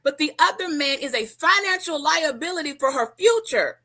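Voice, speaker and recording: Loud, bright, very high-voiced woman. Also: lively intonation, moderate pace. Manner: loud, emphatic, profane. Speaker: panel guest. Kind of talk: heated panel argument.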